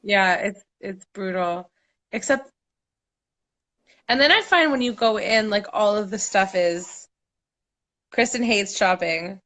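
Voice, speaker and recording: A woman's voice: medium pitch, slow pace, long pauses, a bit bright. A woman from Montreal, a group moderator, chatting casually on a video call and laughing often.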